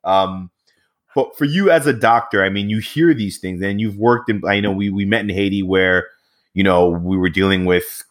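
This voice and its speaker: A man with a very deep, low voice hosts a conversational interview. He talks loosely and rambles, filling his pauses with "um" and "you know.". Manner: relaxed, rambling, many fillers.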